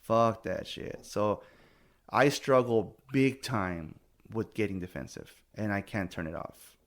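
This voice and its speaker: A man's voice: fairly low pitch, expressive, measured pace. A middle-aged man hosting a podcast, venting in casual chat, blunt and heated, swearing freely and getting defensive. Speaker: podcast host.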